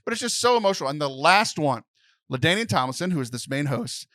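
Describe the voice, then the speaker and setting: A man's voice: a little high, sing-song, quick pace, bright, forceful tone, dry recording. A young man co-hosting a podcast in casual chat, emotional and close to tears, rambling with many restarts. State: tearful. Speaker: podcast co-host.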